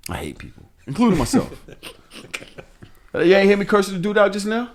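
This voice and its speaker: A man's voice: high voice, wildly swooping pitch, moderate pace. A man hosting a podcast, telling a story in casual, profane chat and laughing often. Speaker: podcast host.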